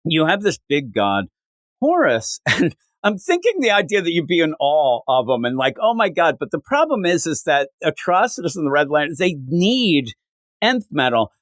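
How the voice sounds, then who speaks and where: A man's voice: sits high, no echo. A man co-hosting a casual comic book podcast, recapping issues and acting out the characters' lines as he goes. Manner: animated, acts out characters' lines while recapping. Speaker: podcast co-host.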